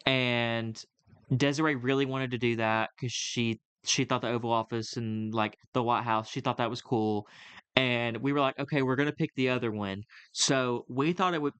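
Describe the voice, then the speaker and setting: A man's voice: mid-range voice, fairly even intonation, moderate pace, a bit bright, clear, resonant tone, dry recording. Young man telling a rambling story. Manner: rambling storyteller with many fillers and restarts. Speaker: podcast co-host. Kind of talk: casual chat.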